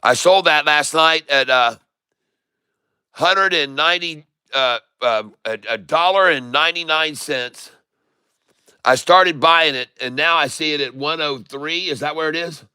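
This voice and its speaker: A man giving live stock trading commentary, excitable, repeating his sell calls to viewers and joking in broken Spanish. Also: a little high, a little slow, clean tone, no room sound. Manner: jokey, mixes in broken Spanish.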